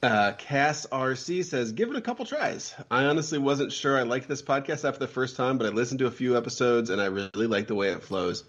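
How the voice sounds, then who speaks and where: A man co-hosting a casual podcast, reading listener reviews with a dry, joking edge. His voice sits at an ordinary middle pitch. The sound is dull and lo-fi. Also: fairly quick, hardly any pauses, fairly bright tone. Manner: reads reviews aloud in a wry, joking tone.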